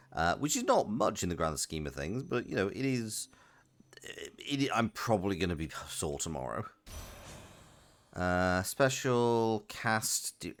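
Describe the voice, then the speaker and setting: A man's voice: low-pitched, a bit bright. A man streaming a game live, chatting casually and reading out chat messages between plays. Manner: chatty, rambling, reads chat aloud. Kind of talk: casual live gaming commentary.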